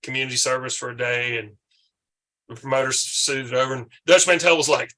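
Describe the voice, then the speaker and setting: A man's voice: mid-range voice, fairly quick. A man, hosting a casual drinking chat and telling a rowdy story with lots of swearing. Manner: animated storyteller, swearing freely. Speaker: podcast host.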